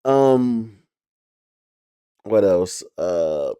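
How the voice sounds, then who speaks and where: A man's voice: fairly low pitch, expressive, very slow, mellow, clear, resonant tone, dry recording, studio quality. A man talking casually about a show he watched, rambling with many fillers and restarts. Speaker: show reviewer. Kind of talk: casual reaction talk.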